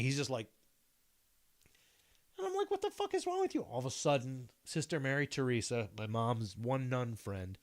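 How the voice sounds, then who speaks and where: Profane rambling middle-aged man. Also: a little high. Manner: profane, rambling anecdotal storytelling. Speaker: podcast co-host. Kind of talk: casual storytelling chat.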